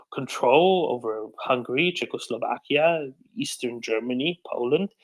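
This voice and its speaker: A man hosting a live audio discussion, explaining points in a measured way with fillers. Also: medium pitch, rough recording. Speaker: host and moderator.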